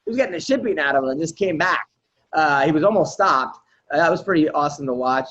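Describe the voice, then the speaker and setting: High-voiced, easygoing podcast host. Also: male voice, lively intonation, quick pace, fairly bright tone, muffled recording. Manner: loose, filler-heavy, prompts guests. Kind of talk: casual podcast chat.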